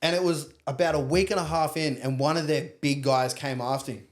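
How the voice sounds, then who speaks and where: A man's voice: on the high side, fairly even intonation. A young Australian man, a podcast guest, telling stories in casual chat with plenty of slang and swearing. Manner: swearing, storytelling, quick slang.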